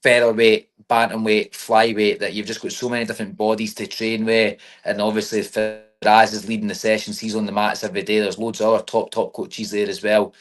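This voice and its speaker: Fast-talking young Scottish man, low voice. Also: level tone, faint music behind. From Scotland. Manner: chatty, says mate and you know what I mean often. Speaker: MMA fighter. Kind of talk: casual interview.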